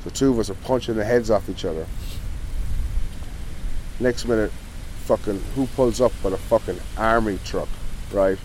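A man's voice: fairly low pitch, normal speed, long pauses, darkish tone, a little hiss or hum, poor audio. A man with an Irish accent, a guest telling a long, rambling story in casual talk and swearing almost every line. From Ireland. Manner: profane, rambling, swears constantly. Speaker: interview guest.

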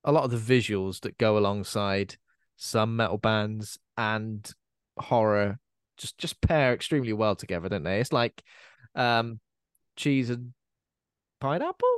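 A man's voice: fairly low pitch, a little slow, clean tone, no echo, clean studio sound. A man co-hosting a horror film podcast, chatting in a rambling, easygoing way and laughing often. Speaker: podcast co-host. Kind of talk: casual film chat.

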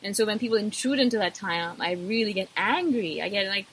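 A woman's voice: medium pitch, animated, fairly quick, hardly any pauses, a little hiss or hum, poor audio. Emphatic woman vlogging to her viewers. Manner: emphatic and repetitive, addressing viewers directly. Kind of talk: casual talk to camera.

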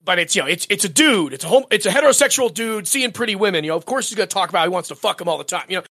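Bright-voiced man, rambling podcast co-host. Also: sits high, very fast, husky, no echo, clean studio sound. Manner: animated, rambling, laughs often. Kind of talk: casual chat.

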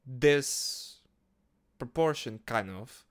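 Male podcast host, smooth clear voice, unhurried and rambling. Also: mid-range voice, lively intonation. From Portugal. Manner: rambling, hesitant, lots of fillers and swearing. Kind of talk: casual monologue.

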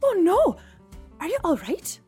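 A woman's voice: high voice, very animated, breathy edge, soft background music, full character voice. A woman doing a fussing, caring young woman. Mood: concerned. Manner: concerned, warm-hearted, quick.

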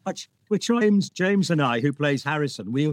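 Chatty northern English actor, dry sound. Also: male voice, a little high, normal speed, no echo. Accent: light northern English. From northeast England. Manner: lively, self-deprecating, many restarts. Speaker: actor guest. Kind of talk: casual anecdotal chat.

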